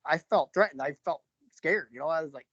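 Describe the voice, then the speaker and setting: A man from New York telling a personal story in a loose, rambling way, full of fillers and restarts, often clearing his throat. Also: on the high side, fairly quick, fairly bright tone, no echo. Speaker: interviewee, father recounting an encounter. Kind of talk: casual spoken storytelling. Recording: dull lo-fi recording.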